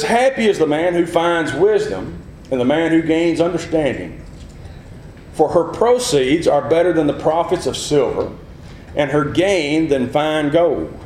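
A man preaching a sermon with a fairly high voice, teaching earnestly and putting questions to the listeners. His voice rings in an echoey room, and a faint rumble sits underneath it. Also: darkish tone. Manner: earnest teaching, asks the listeners questions, acts out quick replies.

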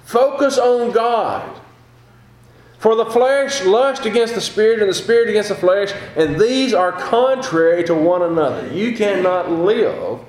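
A man's voice: sits high, a little mellow. An older man preaching a sermon in a folksy, conversational way, asking his listeners rhetorical questions. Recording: echoey room.

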